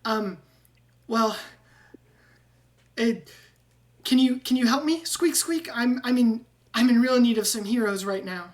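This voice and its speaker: A jittery talking rat man who keeps saying "squeak, squeak" between phrases, as a woman puts him on, in a high, lifted voice. He sounds anxious and hurried in a casual online tabletop game. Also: darkish tone, lightly acted. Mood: worried. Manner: peppers every phrase with squeaks.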